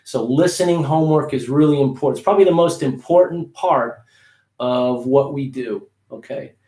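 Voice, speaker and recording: A man teaching English pronunciation on a livestream, repeating words slowly for practice. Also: mid-range voice, mellow, echoey room.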